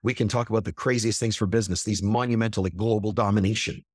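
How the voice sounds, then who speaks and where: A man hosting a podcast in a casual monologue to his camera, blunt and profane, animated and emphatic. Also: on the low side, quick pace, no room sound, studio quality. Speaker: podcast host. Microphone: computer camera at a desk.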